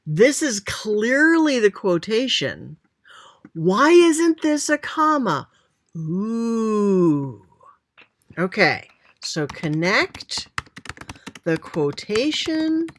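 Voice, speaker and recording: Slow, lively-voiced woman teaching grammar. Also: medium pitch. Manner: chatty, thinking aloud while pointing at examples. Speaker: writing teacher. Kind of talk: explaining a grammar lesson.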